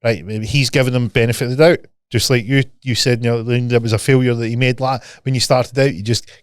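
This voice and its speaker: A Scottish man co-hosts a casual podcast chat. He tells stories with lots of swearing and acts out the back-and-forth of conversations. His voice sits at an ordinary pitch and sounds close and dry. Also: a little fast, clear, resonant tone, no room sound. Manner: animated storyteller, swears freely, acts out dialogue. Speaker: podcast co-host.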